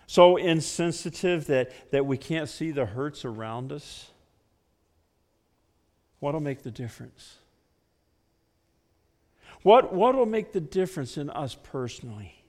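A man preaching a sermon with earnest conviction, swelling loud and then dropping to hushed tones as he presses a point. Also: a little high, lively intonation, slow pace, pauses often. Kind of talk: sermon with told stories. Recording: long reverb of a hall.

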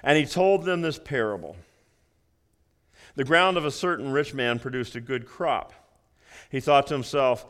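A man's voice: on the high side, moderate pace. Folksy pastor man preaching a sermon. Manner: folksy, animated, repeats phrases with restarts. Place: church sanctuary.

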